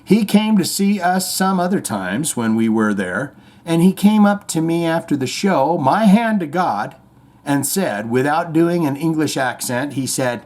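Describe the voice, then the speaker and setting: Animated, sarcastic male podcast host. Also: fairly high pitch, measured pace. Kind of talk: comedic commentary on played clips.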